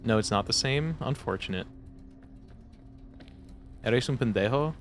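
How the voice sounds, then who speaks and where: A man's voice: medium pitch, animated, measured pace, long pauses. A young man streaming a game, joking and rambling casually to his viewers and swearing freely. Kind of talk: casual chat to stream viewers while gaming.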